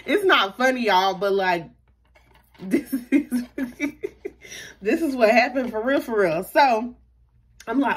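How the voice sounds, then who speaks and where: A young woman tells a personal story to her viewers. Her voice has a husky, breathy grain. She talks in an animated, slangy way and keeps addressing her audience directly. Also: medium pitch, a little slow. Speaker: YouTuber. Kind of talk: storytime vlog.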